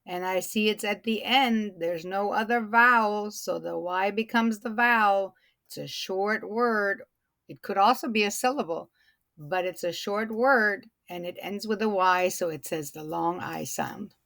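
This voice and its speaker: A woman teaches a phonics lesson at an unhurried, careful pace, drawing out and repeating each word for young learners. Her voice sits at an ordinary middle pitch and is recorded close and dry, with no room sound. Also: creaky, a bit bright, no echo. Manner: slow, deliberate, stretches and repeats words.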